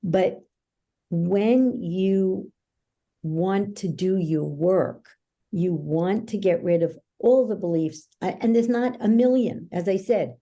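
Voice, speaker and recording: A woman with a mellow, warm tone speaks as a guest coach on a podcast. She tells stories in an animated, emphatic way. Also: mid-range voice, takes it slowly. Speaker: guest, belief-change coach. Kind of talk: conversational interview.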